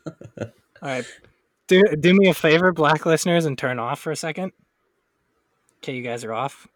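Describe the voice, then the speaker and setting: A man co-hosts a casual podcast, rambling and joking, often laughing and swearing. His somewhat nasal voice sits fairly high, at a moderate pace, and the recording has no room sound.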